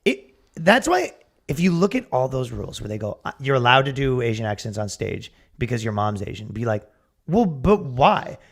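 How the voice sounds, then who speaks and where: A man's voice: mid-range voice, sing-song, a little fast, vocal fry. A man co-hosting a comedy podcast, chatting casually, rambling with restarts, swearing and acting out quotes. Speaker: podcast co-host.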